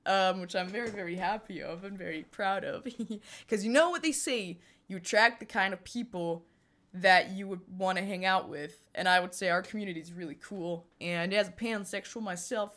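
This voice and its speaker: A young woman from Germany chats on a live stream, answering her viewers in an easy, talkative way. She breaks into giggles often. Her voice sits at a middle pitch for a woman. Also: a bit bright. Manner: giggly, chatty, answers chat with frequent laughter. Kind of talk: casual live-stream chat.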